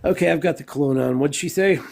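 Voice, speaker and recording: A man's voice: fairly high pitch, fast, creaky. A man who teaches Spanish, joking and swearing in a casual live-stream chat over his phone. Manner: joking, profane, animated. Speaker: Spanish teacher, guest caller.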